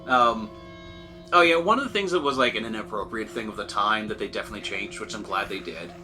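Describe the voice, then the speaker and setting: Male let's-play co-host, bright, sharp tone, talkative, puts on quick character voices. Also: faint music behind. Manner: chatty, animated, mimics characters in high voices. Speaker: gaming channel co-host. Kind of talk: casual let's-play chat.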